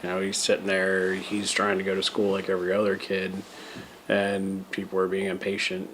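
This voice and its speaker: Father in a news interview, very deep and monotone, faint ambience behind. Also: moderate pace, a little hiss or hum, rough recording.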